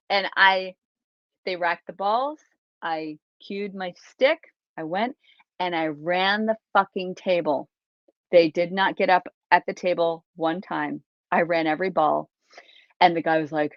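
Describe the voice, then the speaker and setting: A woman hosting a livestream, telling stories in a rambling, animated way and acting out what people said. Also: on the low side, normal speed, no room sound, lo-fi sound. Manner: rambling, animated, lots of restarts and acted-out quotes. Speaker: livestream host. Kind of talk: casual storytelling to a live chat.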